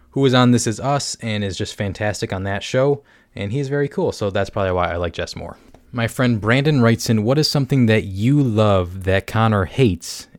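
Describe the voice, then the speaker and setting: On his solo podcast, a young man with a fairly low voice rambles casually, pokes fun at himself, and fills his speech with "like." There's no room sound in the recording.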